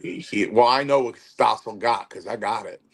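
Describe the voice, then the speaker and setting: A man's voice: on the low side, normal speed, creaky, slight background noise. A man telling stories in casual chat as a guest, acting out quotes with animation. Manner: animated storyteller, acts out quotes. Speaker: wrestling podcast guest.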